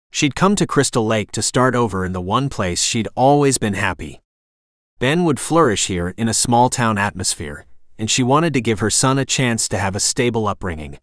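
A man reading a romantic suspense novel aloud as an audiobook narrator, in a steady, even storytelling manner. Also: on the low side, no echo, clean studio sound. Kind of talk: scripted narration.

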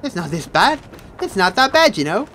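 A man's voice: high-pitched, big pitch swings, normal speed, slight background noise, poor audio. A young man giving jumpy, joking commentary over a horror game, swearing and yelping when startled. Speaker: gaming video host. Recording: game music loud behind voice.

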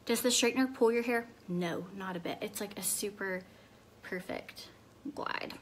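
A woman from Tennessee with a Southern accent, chatting casually on a live phone video, answering viewer comments and dropping to soft murmurs while she works. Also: mid-range voice, moderate pace, a little hiss or hum. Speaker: live-stream hair demonstrator.

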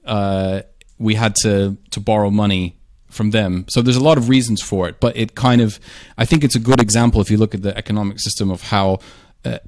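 A man's voice: fairly low pitch, darkish tone, no echo. An American man from the southern United States hosting a radio talk, thinking aloud with frequent restarts. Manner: thoughtful, hesitant with restarts. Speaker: host. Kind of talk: casual radio conversation.

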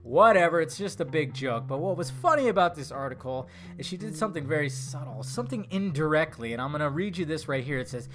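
A man's voice: fairly high pitch, lively intonation, quick pace, few pauses, a bit bright. A young man ranting sarcastically and angrily with a lot of swearing in a movie commentary vlog. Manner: angry, sarcastic, profane ranting.

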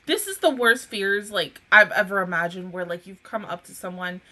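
A woman casually reviews anime and reacts emotionally, cursing freely as she moves from low mutters to laughter and near-tearful outbursts. Her voice is expressive and sharp in tone, at a moderate pace.

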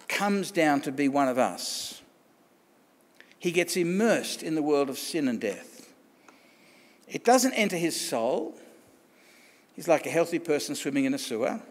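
A man with an Australian accent preaching a sermon in a conversational way, often asking questions and restarting phrases. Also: fairly high pitch. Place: church hall. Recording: long church reverb.

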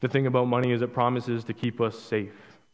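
A man preaching a sermon as pastor, emphatic, acting out quoted lines in a conversational way and dropping to a hushed low voice on key words. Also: level tone, a little fast. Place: church sanctuary. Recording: dull audio with long reverb in a hall.

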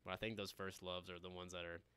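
Low-voiced man telling stories, easygoing. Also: level tone, quick pace, bright, forceful tone, smooth, dry recording. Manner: storytelling, chuckles often, agreeable. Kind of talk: casual podcast chat.

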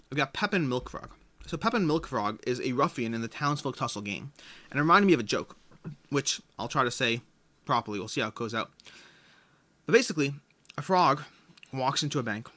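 A man's voice: medium pitch, expressive, a little fast, bright, forceful tone. A man hosting a casual board game video, chatty, telling stories. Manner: chatty, storytelling.

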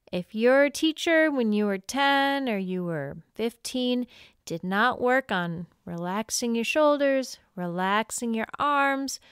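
A woman's voice: on the high side, clean tone, dry recording, clean studio sound. A woman teaching fiddle on a podcast in a friendly way, laughing often and singing bowing rhythms aloud. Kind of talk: instructional podcast talk.

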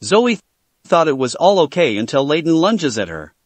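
A man reading a fan fiction story aloud as narrator in a steady storytelling manner. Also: fairly high pitch, normal speed, dry recording.

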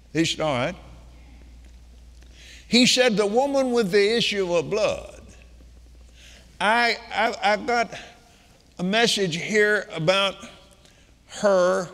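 An older man preaching to a crowd, retelling a story in quoted lines that climb into emphatic declarations. His voice sits high and rings bright. It carries the long reverb of a large meeting hall. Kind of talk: sermon storytelling.

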